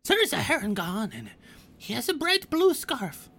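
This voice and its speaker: A fussy female goblin key-hoarder, voiced by a game master, with a pitch pushed well above the performer's own. She speaks in stiff, old-fashioned, formal phrasing, broken by hesitant ums and uhs. She drives a hard bargain in a tabletop game. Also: huge pitch swings, moderate pace, fairly bright tone, husky, heavily acted. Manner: grand, archaic phrasing with hesitant fillers.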